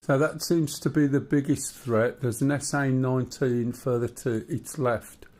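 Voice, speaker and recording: A chatty man hosts a live flight sim stream, calling out missiles and targets. His delivery is teasing and loose, with plenty of ums and restarts. His voice sits at a middle pitch. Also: fairly even intonation, measured pace, darkish tone. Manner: chatty, teasing, with hesitant fillers.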